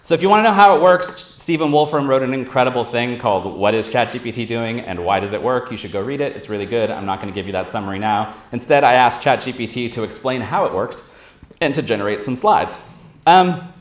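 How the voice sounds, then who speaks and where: A man's voice: medium pitch, fairly quick. A man giving a casual, profane conference talk on stage, acting out quoted voices as he goes. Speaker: conference speaker. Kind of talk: live tech conference talk. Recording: roomy hall echo.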